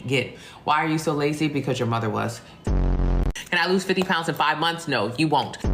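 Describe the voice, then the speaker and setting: A man answering live comments as a fitness coach, blunt and mocking as he reads questions and roasts the people who sent them. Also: fairly high pitch. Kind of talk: blunt livestream Q&A. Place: indoors at home, streaming live. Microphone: phone mic. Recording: music playing behind.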